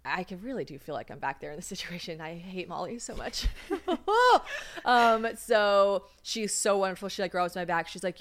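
A young woman co-hosting a podcast tells a story in casual conversation, speaking in a low-ish voice at a moderate pace. She's animated, acts out what other people said, and laughs often.

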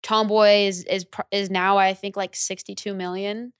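Slangy, animated young woman telling a story. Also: mid-range voice, normal speed, clean tone, no echo, studio quality. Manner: animated, slangy, acts out her own past reactions. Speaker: recording artist guest. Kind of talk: casual interview storytelling.

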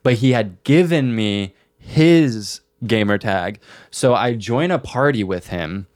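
A young man with a fairly low voice tells a story in casual podcast chat. He is animated and swears freely, and he jumps into the voices of the people in his story. The sound is close and dry. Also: slow, dry recording. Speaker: podcast co-host.

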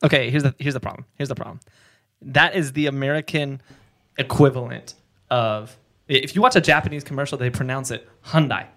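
A man's voice: mid-range voice, steady tone, fairly quick, fairly bright tone, dry recording, studio quality. A man co-hosting a podcast, laughing and defensively insisting on his point in casual banter. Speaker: podcast co-host.

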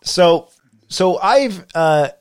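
A man's voice: sits high, animated, extremely slow, no echo, clean studio sound. Chatty man hosting a podcast. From Canada. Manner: chatty, rambling, laughs often. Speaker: podcast host. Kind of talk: casual interview chat.

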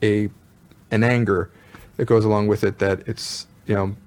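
A man as a musician guest in an interview, telling his stories in a thoughtful, measured way. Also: fairly low pitch, level tone, darkish tone. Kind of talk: casual interview chat.

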